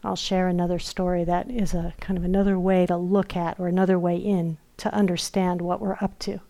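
A middle-aged woman giving a dharma talk as a meditation teacher. She tells stories gently and softly, dropping at times into a near whisper. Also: lowish voice, level tone. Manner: slow, gentle storytelling with soft whispered asides. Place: retreat center meditation hall.

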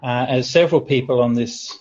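A man, a Buddhist monk, answering questions in an online sutta class, relaxed and chatty with light humor. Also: mid-range voice, fairly quick. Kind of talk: online teaching Q&A. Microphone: video call. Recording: dull lo-fi video call audio.

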